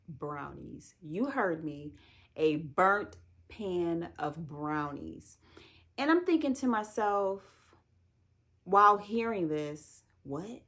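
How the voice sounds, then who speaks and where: A woman giving a casual, chatty book review, animated and opinionated. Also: fairly low pitch.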